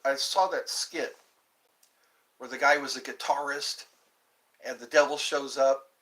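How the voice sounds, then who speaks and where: Hosting an informal livestream, a man wanders across subjects and reads out his chat's comments before responding. His mid-range voice is steady and a bit bright, delivered at a measured pace.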